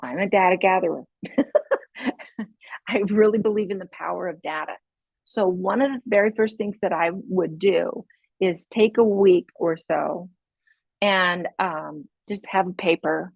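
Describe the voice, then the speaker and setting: On a dry, dull lo-fi recording with no room sound, a middle-aged podcast host gives relaxed parenting tips. Her voice sits on the low side and is gravelly. She chats away, laughs a lot, and performs small scenes.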